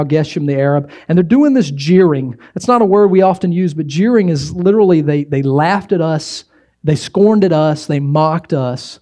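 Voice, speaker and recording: A man preaching a sermon. His voice sits a little high for a man but sounds mellow and warm. He talks conversationally and with energy, putting on mocking voices for the people he quotes. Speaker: pastor.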